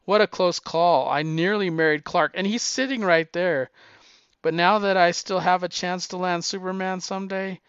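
A man's voice: high-pitched, steady tone, moderate pace, a bit bright, clean tone, no room sound, lo-fi sound, pitched above the performer's own voice. A man doing a haughty scheming woman reporter.

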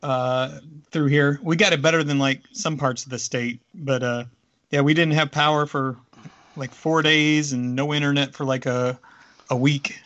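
A man with a bright, forceful voice chats casually on a podcast, telling a rambling story full of pauses and fillers. The sound comes through a video call and is a little dull and lo-fi. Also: fairly high pitch, fairly even intonation. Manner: rambling, hesitant with many fillers. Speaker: podcast co-host. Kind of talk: casual chat. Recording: slightly dull lo-fi audio.

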